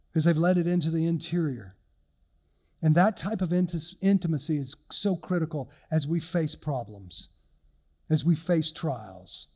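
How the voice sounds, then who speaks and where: A man's voice: on the high side, a little mellow. An older male pastor delivering an earnest, conversational sermon with personal stories.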